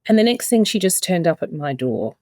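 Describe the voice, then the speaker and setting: A middle-aged woman speaks in a slightly low voice, recorded dry and close. She tells her own story candidly as a podcast guest, slipping into the voices of people she quotes. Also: sing-song, fairly quick, a little mellow, no room sound. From Australia. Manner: candid, emotional retelling with many quoted exchanges. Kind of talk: conversational storytelling.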